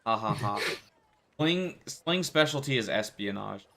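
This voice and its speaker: A man's voice: on the low side, expressive, moderate pace, vocal fry, very noisy. A man running a tabletop role-playing game as game master, narrating and voicing the characters casually.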